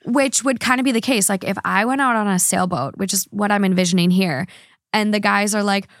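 A woman's voice: mid-range voice, fairly even intonation, brisk, no room sound. Tipsy lady podcast host reading comments, rambly, dry close sound. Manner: rambling, many fillers and word slips. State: a little drunk. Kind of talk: casual chat reading online comments.

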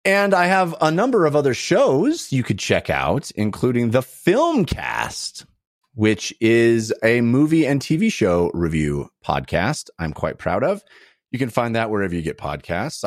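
A man's voice: medium pitch, dry recording, studio quality. A man hosting a casual podcast, wry and jokey as he chats and plugs his shows. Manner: wry, jokey, upbeat plugging. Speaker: podcast host.

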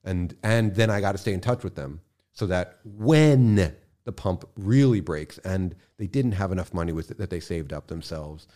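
A man speaking as a podcast guest in casual conversation, impassioned, swearing freely and swinging from quiet to loud bursts. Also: low-pitched, lively intonation, moderate pace.

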